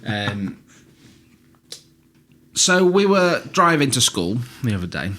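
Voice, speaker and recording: A man's voice: medium pitch, sing-song, takes it slowly, sharp tone. A man in his thirties co-hosting a podcast, telling casual stories dryly, swearing and laughing at his own tales. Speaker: podcast co-host. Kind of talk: casual banter and storytelling.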